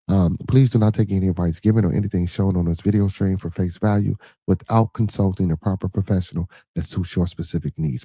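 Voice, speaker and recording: A man's voice: deep voice, mellow, husky, dry recording. A middle-aged man with a Chicago accent hosting a livestream podcast, talking loosely and profanely and tagging nearly every thought with a question to the listener. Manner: loose and profane, constant "you feel me". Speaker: podcast host. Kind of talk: casual livestream monologue.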